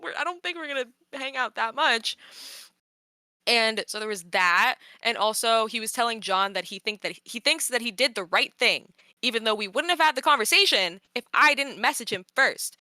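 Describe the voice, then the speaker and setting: A young woman host retelling a personal story in casual podcast chat, animated and exasperated, laughing often. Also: on the high side, normal speed, dry recording.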